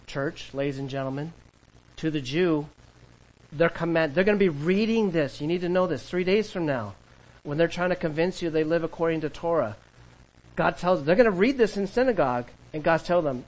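A man's voice: a little high, moderate pace, a little mellow, rough recording. A man preaching a sermon to his congregation, emphatic and asking the church questions to answer back. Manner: emphatic call-and-response preaching. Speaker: pastor.

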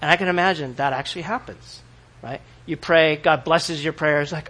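A middle-aged man preaches from the pulpit in a lively, animated way, slipping into other people's voices to act out what they said. His voice sits fairly high and sounds bright. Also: normal speed. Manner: animated, acts out quoted voices, laughs often. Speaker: pastor. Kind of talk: sermon.

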